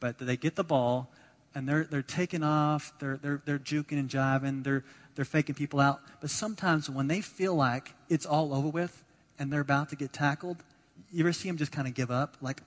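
A man preaching a sermon as pastor, animated, acting out the voices of the people he quotes and repeating words as he builds his points. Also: a little high, moderate pace. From United States. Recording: long hall reverb.

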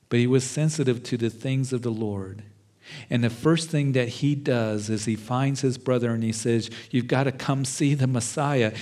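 A male pastor preaching a sermon, retelling scripture stories and acting out quotes with lively energy. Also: mid-range voice. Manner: animated storytelling with acted quotes.

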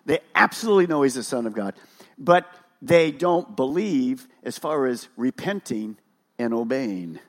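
A man's voice: medium pitch, very animated, a little slow. A male pastor preaching a sermon at a church service, emphatic and full of rhetorical questions.

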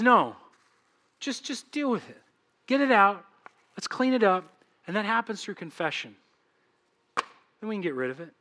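A male pastor delivers a sermon in a high, bright voice. He acts out little back-and-forth dialogues and moves between loud, urgent passages and hushed, intimate ones.

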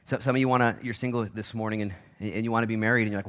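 A man in his forties from Oregon, a pastor preaching a sermon in a church. He swings between loud urgency and hushed asides, with quick restarts. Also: fairly low pitch, fairly even intonation, clean tone. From Oregon, United States.

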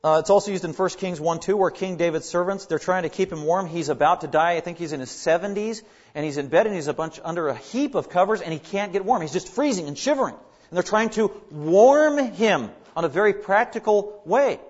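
A man's voice: a little high, fast, highs cut off. A man preaching a sermon, earnest and emphatic, leaning hard on key words as he builds his points. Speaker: pastor.

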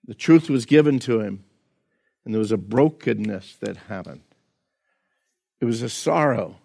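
Gravelly-voiced pastor preaching conversationally. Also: male voice, mid-range voice, darkish tone. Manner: conversational preaching, repeats words, acts out quotes. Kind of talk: sermon.

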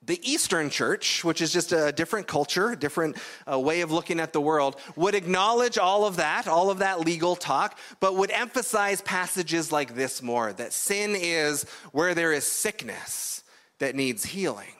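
A man's voice: fairly high pitch, lively intonation, normal speed, a bit bright. A man from Canada preaching a sermon in a conversational, explanatory way, often checking in with "right?". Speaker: pastor.

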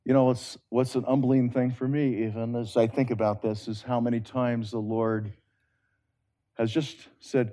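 A man preaching a sermon in an earnest, conversational way, swinging between loud emphatic rises and hushed, drawn-out phrases. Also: medium pitch, flat delivery.

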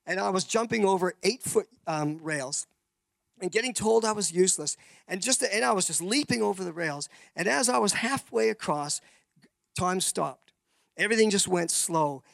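High, gravelly man preaching. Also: lively intonation, moderate pace, fairly bright tone, dry recording. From Canada. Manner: rambling, many restarts, acts out voices. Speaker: speaker giving a testimony. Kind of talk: sermon testimony, storytelling.

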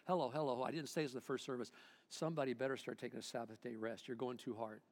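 A male pastor preaching a sermon in church, swinging between loud bursts and hushed asides, calling on the congregation to respond. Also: mid-range voice, fast, in a large hall.

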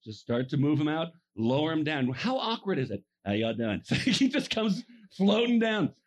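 A man delivers a sermon, telling a story with lively energy and laughing often as he acts out characters in funny voices. His voice sits on the high side, and he speaks at a normal speed.

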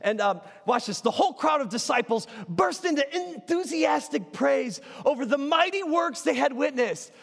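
A man preaching an energetic sermon in a church. He swings between shouting and soft, near-whispered asides, with self-deprecating humor. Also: extremely high pitch, normal speed, vocal fry, hardly any pauses, in a large hall. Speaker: pastor. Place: church sanctuary.

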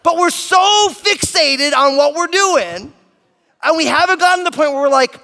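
Animated high-voiced male pastor preaching. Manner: animated storytelling with quick asides to the congregation. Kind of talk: sermon. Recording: long hall reverb.

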